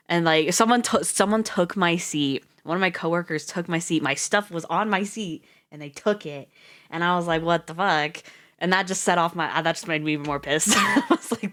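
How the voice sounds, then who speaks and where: Woman streamer, deep for her sex, chatty and rambling, laughs a lot, swears casually. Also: a bit bright. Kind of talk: casual chat on a reading livestream.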